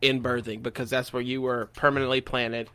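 A man's voice: medium pitch, little pitch movement, fairly quick, a bit bright, smooth. A man, a former enlisted sailor on a podcast, talking in a frank, profane and opinionated way. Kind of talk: casual chat.

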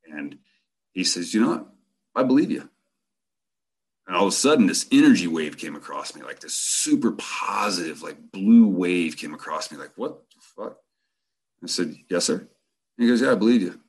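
A man's voice: sits low, lively intonation, moderate pace, slightly rough. A middle-aged man telling a personal story in a candid, profane, rambling way. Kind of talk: casual storytelling.

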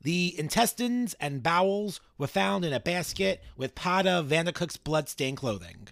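A man's voice: a little high, sing-song, measured pace, creaky, fairly bright tone, dry recording. A man co-hosting a podcast, reading an old newspaper account aloud and asking blunt questions. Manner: reacts with laughs and blunt questions. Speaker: podcast co-host. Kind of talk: casual chat and reading aloud.

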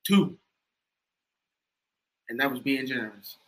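A man giving casual reaction commentary, loud, joking and teasing. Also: medium pitch, moderate pace. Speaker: reaction host.

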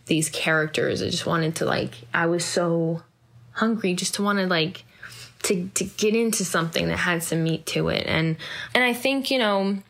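Young woman, low-ish voice, candid rambling interviewee. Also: moderate pace, a bit bright. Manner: rambling, reflective, many fillers and restarts. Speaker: actor being interviewed.

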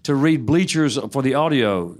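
A man's voice: medium pitch, expressive, normal speed, a little mellow, slight background noise. A middle-aged man, a novelist telling wry, self-deprecating stories in a casual onstage conversation. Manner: wry storytelling, laughs at himself. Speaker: novelist on a panel.

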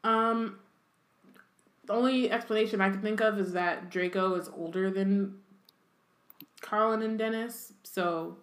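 A woman's voice: mid-range voice, fairly even intonation, unhurried, pauses often, roomy sound. A woman co-hosting a casual podcast, laid-back and slangy, who also reads passages aloud. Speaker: podcast co-host. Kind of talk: casual chat.

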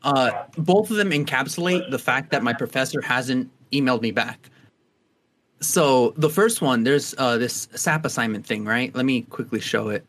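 There's slight background noise as a young man co-hosting a podcast chats casually at normal speed. His voice is medium-pitched and a bit bright, and his talk rambles with frequent fillers and restarts.

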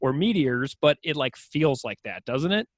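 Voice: mid-range voice, lively intonation, normal speed, no echo, studio quality. A host in a casual conversation, chatty and leaning on "like" a lot.

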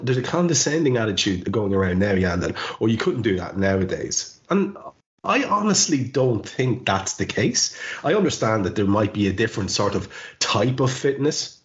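A man's voice: medium pitch, dull audio. A man hosting a podcast, making his points with passion and emphasis in casual chat. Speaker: podcast host.

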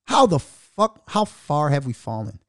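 A man hosting a podcast in a heated, profane rant, his voice swinging widely up and down as he pushes his points. He sits a little higher than most men, and the sound is dry and close with no room around it. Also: sing-song, a little slow, dry recording. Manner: aggressive, profane and venomous. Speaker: podcast host.

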